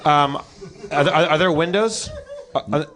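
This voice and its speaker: A man's voice: on the high side, normal speed, background noise. A man playing a tabletop game, eager and stammering. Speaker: player.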